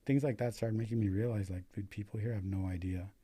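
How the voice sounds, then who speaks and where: Fast, with a fairly even intonation, a low-sided dark voice, and a breathy edge, this young American paramedic guest tells his story. He swears casually, fills his speech with "like," and keeps saying "dude."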